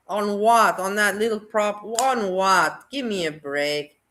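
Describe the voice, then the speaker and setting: Blunt mocking woman commentator, bright voice. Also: mid-range voice, unhurried. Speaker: commentary host. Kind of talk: reaction commentary on a clip.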